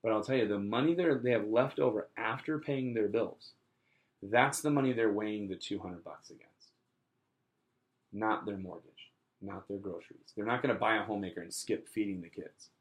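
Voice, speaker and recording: A man's voice: lowish voice, normal speed. A young adult man giving a casual sales training talk, chatty and full of fillers, acting out little customer dialogues.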